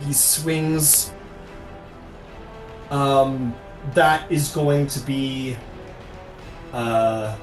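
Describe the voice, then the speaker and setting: A man's voice: mid-range voice, far from the mic. A man narrating a tabletop game as game master, rambling with many fillers. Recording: echoey room, music behind.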